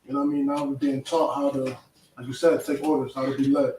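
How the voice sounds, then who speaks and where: A man's voice: mid-range voice, flat delivery, a little fast, dark tone. A man in a scripture class, speaking hesitantly with many fillers. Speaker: class member. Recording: roomy echo, distant, faint noise.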